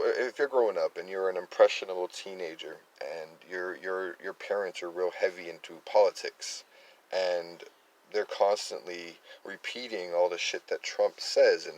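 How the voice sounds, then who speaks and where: A man's voice: deep voice, a little mellow, poor audio. A man from Massachusetts with a light Worcester accent, talking through opinionated political commentary in a rambling monologue full of fillers and restarts.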